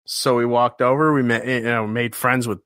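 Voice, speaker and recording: A man co-hosts a casual sports podcast, rambling through stories, swearing, and acting out the voices of people he met. His voice is medium-pitched and fairly bright, with little pitch movement and a moderate pace. The recording is clean studio sound with no room sound.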